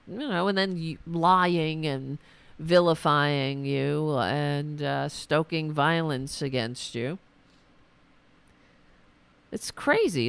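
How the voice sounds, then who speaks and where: A woman hosting a political podcast, delivering an indignant, profane rant full of restarts, her voice going hoarse. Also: deep voice. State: losing her voice. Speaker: podcast host.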